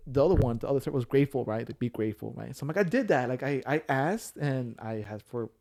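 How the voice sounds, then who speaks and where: A man's voice: mid-range voice, lively intonation, quick pace, creaky, darkish tone. A man, telling a personal story in casual chat, full of fillers and restarts. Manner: rambling storyteller with many fillers. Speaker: podcast guest sharing his story.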